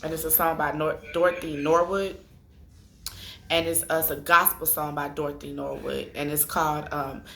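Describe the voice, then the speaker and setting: Low, gravelly-voiced woman telling a personal story. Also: little pitch movement, sharp tone. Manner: conversational, addresses viewers directly, drawn-out filler pauses. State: tearful after crying. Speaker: spiritual vlogger. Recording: echoey room.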